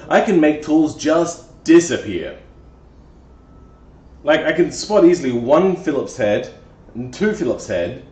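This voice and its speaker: A man works on a car in a garage or workshop during a live stream, talking to himself casually and poking fun at himself. His voice is fairly high and sing-song with a darkish tone, moving at a slow pace, and the distant mic makes it sound echoey and dull.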